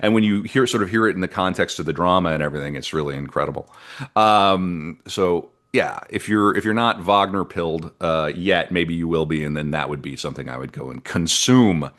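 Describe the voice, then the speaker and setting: Deep-voiced man chatting history. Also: fairly quick, fairly bright tone. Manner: chatty and rambling, reads from notes, breaks off into asides. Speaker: podcast co-host presenting the history. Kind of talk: casual history podcast narration.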